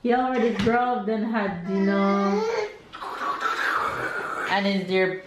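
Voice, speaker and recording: A woman's voice: mid-range voice, slow pace, reverberant, very noisy. A woman with a Jamaican accent, vlogging casually from her home kitchen and teasing her partner. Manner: chatty, teasing, playful.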